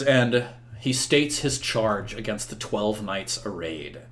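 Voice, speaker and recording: A man's voice: fairly low pitch, animated, takes it slowly. A man narrating a tabletop game as game master, with many fillers. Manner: filler-heavy, descriptive.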